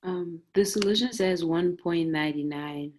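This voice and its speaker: A woman student answering in class over a video call, softly and with some hesitation. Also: on the low side, unhurried, a little hiss or hum. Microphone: computer mic on a video call.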